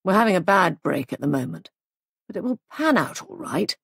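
A woman voicing a young husband who talks in a gloomy, matter-of-fact way, dropping her voice lower. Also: big pitch swings, moderate pace, vocal fry, slightly rough, no room sound, clean studio sound, full character voice.

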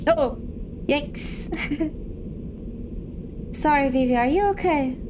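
Excitable high-voiced woman playing a game. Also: slow, poor audio. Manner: excitable, gasping and squealing when scared; also reads game dialogue aloud. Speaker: gamer. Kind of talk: casual let's-play commentary. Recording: game music playing behind.

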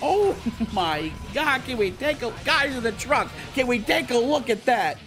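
Brief: young male gamer, rowdy live reactions, slow-paced between loud outbursts. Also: very high-pitched, music in the background. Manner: excitable, shouts and swears at plays. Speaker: gaming streamer.

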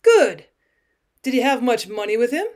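A woman reading the part of a concerned male cousin, a calm office clerk who asks short questions. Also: on the high side, normal speed.

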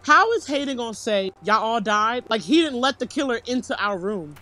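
A woman gaming streamer reacting to a horror game, excitable and quick to shriek. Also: a little high. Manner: excitable, shrieks and laughs often.

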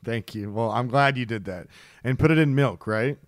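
A man co-hosting a casual comedy podcast who rants excitably and swears a lot. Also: mid-range voice, moderate pace, no echo, clean studio sound. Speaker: podcast co-host.

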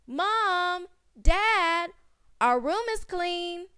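Excited little girl twin, read by a woman. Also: extremely high pitch, drawn-out words, dry recording, clean studio sound, pitched above the performer's own voice, heavily acted. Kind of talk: storybook character reading.

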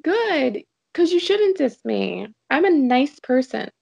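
Gravelly-voiced woman, blunt and dry. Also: sits high, big pitch swings, slow pace, darkish tone. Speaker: podcast guest. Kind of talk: casual chat. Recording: dull lo-fi sound.

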